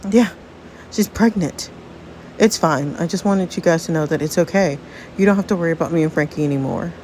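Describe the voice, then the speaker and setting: A woman's voice: low-pitched, a little fast, darkish tone, slight background noise, close to an everyday voice. Woman voicing Bonnie, a resigned teenage girl. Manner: polite, resigned.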